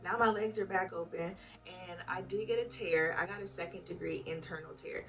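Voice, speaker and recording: A woman's voice: fairly low pitch, moderate pace, fairly bright tone. A young woman telling her own story in a casual, emotional way, speaking straight to her viewers. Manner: chatty, emotional, addresses viewers directly. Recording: voice a bit far from the mic with music behind. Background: background music.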